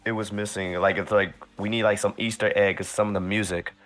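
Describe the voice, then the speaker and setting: A man's voice: fairly low pitch, level tone, fairly quick, music in the background. A man on a live panel stream, chiming in casually with short remarks.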